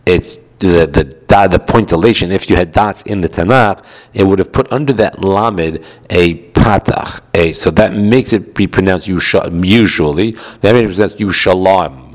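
A man with a notably low voice explains a point of Jewish law in a study lecture. He talks it through patiently, circling back and checking in with his listener as he goes. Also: normal speed. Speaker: rabbi teaching Jewish law.

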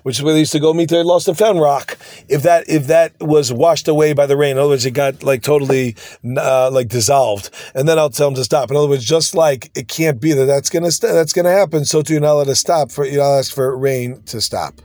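A man teaching a casual Talmud class, quickly translating the text line by line with asides. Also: fairly high pitch, darkish tone.

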